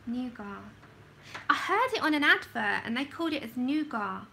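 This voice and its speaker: Chatty woman with gravelly voice. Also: sits high, big pitch swings, a little fast, sharp tone, a little hiss or hum, low-quality recording. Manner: chatty, self-laughing, talks to herself while working. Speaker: livestream host swatching colour pencils. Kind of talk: casual livestream chat.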